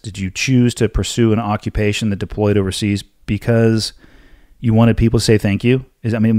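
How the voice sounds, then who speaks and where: A man with a fairly low voice hosts a solo podcast, answering listener questions in a blunt, forceful, lecturing way. His voice is recorded close and dry, with no room sound. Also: no room sound. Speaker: podcast host.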